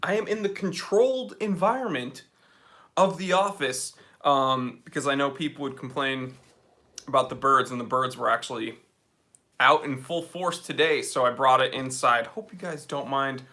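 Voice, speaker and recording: Bright-voiced man hosting a livestream. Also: mid-range voice, moderate pace. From New England. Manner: upbeat, reads viewer comments aloud. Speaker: livestream host. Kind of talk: casual livestream chat. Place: office.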